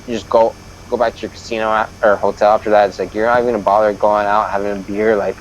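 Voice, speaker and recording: Male streamer, low voice, swearing, ranting storyteller; dull lo-fi mic. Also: level tone, very fast, slight background noise. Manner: profane, ranting, exasperated. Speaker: live streamer. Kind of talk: casual storytelling while gaming.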